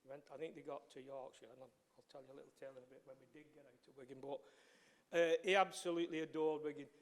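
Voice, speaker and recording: A man giving an anecdotal tribute as a councillor, halting and repeating his words. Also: fairly high pitch, fairly even intonation. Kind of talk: tribute speech in a council meeting. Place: council chamber. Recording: echoey council chamber.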